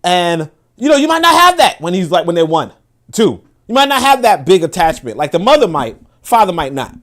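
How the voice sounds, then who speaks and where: Loose rambling dude on a stream, cussing and filler words everywhere. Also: male voice, high voice, big pitch swings, fairly quick, a bit bright. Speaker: live-stream host. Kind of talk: casual commentary.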